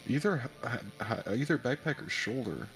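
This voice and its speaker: A man's voice: mid-range voice, lively intonation, moderate pace, creaky, fairly bright tone, low-quality recording. A man co-streaming a game, chatting casually and tossing in teasing, offhand jokes. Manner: teasing, offhand, jokey remarks. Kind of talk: casual gameplay chat. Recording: faint game music behind.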